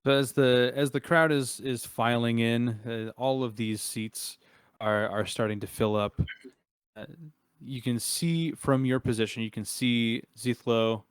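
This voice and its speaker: A young adult man narrating as game master of a tabletop game, relaxed and chuckling, with frequent filler words. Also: medium pitch, a little slow, smooth, no room sound.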